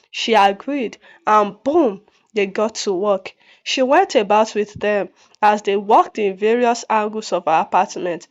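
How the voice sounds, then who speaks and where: A woman narrating a scripted folktale in a steady, plain reading voice. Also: a little high, highs cut off. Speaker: storyteller.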